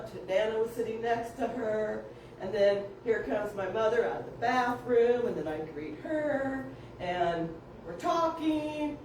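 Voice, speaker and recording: A woman's voice: a little high, slight background noise. Woman telling a story in a distant echoey room. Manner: animated, acts out quoted voices, laughs often. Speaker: family member telling stories. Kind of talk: casual storytelling.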